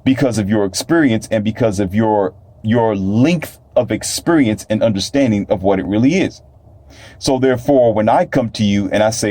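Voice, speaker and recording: A man's voice: on the low side, moderate pace, mellow, no echo. A man delivering a rambling, preachy solo monologue, sometimes mocking imagined doubters in a raised voice. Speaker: self-published author and talk host. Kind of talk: casual monologue.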